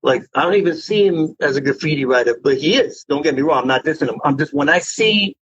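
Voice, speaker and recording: Talking fast in a fairly high, husky voice, this graffiti writer tells rambling, profane stories as a guest in a casual interview. He's animated throughout. The audio is dry and dull, with a lo-fi quality.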